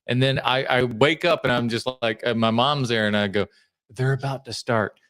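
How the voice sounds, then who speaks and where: A man's voice: mid-range voice, fairly quick, fairly bright tone, smooth, no echo, studio quality. A man hosting a podcast in casual chat, reacting to video clips with jokes and rambling stories. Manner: joking, riffing storyteller. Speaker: podcast host.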